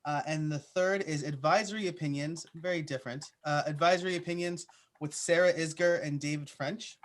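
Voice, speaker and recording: A man's voice: fairly high pitch, steady tone, a little fast. A man answering interview questions in a casual, chatty way, with plenty of "uh" and "like" fillers. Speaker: podcaster guest.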